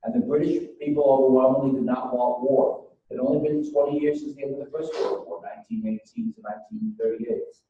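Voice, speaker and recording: A man's voice: mid-range voice, steady tone, a little fast, few pauses. A man giving a university history lecture, telling events as a story and acting out what people said. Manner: storytelling, retells exchanges as dialogue. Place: lecture hall. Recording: echoey lecture hall, mic far off, dull.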